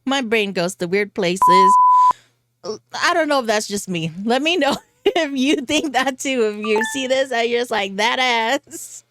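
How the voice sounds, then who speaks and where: A woman's voice: fairly high pitch, animated, unhurried, background noise. A woman vlogger chatting casually through a fragrance haul, giggly and chatty with goofy asides. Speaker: beauty vlogger.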